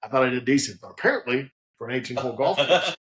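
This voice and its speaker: A man's voice: mid-range voice, expressive, fast talker, a bit bright. A man telling funny stories in casual chat, swearing a lot and acting out the voices of the people in them. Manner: swears freely, acts out quoted voices. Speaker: guest, head distiller. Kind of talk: casual storytelling.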